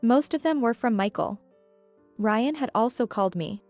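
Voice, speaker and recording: Calm woman narrating a story. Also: fairly high pitch, no echo. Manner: calm, measured. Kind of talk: scripted first-person story narration. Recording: dry with faint music.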